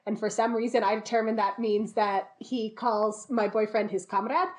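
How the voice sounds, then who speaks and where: A woman's voice: fairly high pitch, steady tone, normal speed. A young adult woman hosting a podcast, telling a story in casual chat and acting out quotes. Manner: storytelling, acts out quotes in voices. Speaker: podcast host.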